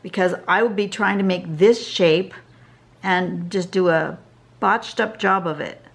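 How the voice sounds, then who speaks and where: Woman, drawing instructor, slow and gravelly, tired, chatty as she works. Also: fairly low pitch. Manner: chatty, thinks aloud while drawing. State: tired, yawning. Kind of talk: casual drawing tutorial. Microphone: camera over a drawing desk.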